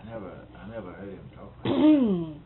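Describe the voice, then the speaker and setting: Man, interviewer, lively pitch, prompting questions, phone-line sound, noisy. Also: brisk. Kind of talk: casual interview chat. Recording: tinny phone-like recording with clear noise.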